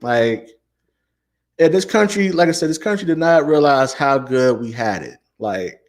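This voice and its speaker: A young man in his late twenties hosts a casual commentary show, speaking at an ordinary middle pitch. He talks with animated, emotional energy, stumbles over repeated words and drops "man" between phrases. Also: unhurried. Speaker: host.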